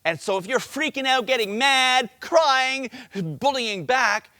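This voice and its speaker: A man's voice: extremely high pitch, animated, slow pace, sharp tone. A man giving an upbeat anti-bullying talk at a school assembly, coaching kids through role-play.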